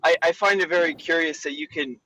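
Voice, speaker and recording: A man calling into a debate stream, talking in a halting, hesitant way. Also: fairly high pitch, bright, forceful tone, rough recording. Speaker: caller.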